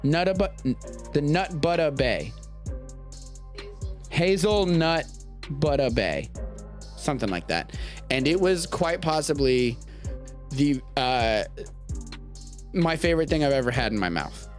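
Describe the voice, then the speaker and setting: An American man hosts a live-streamed podcast show, his slightly high voice slow and broken by long pauses, with faint music behind. He chats casually, rambling and animated, tossing in jokey asides.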